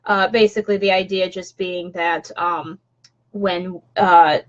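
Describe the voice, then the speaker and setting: A woman's voice: fairly low pitch, fairly even intonation, a little slow, highs cut off. A woman vlogger chatting casually on a home live stream, rambling with lots of fillers and restarts. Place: home room.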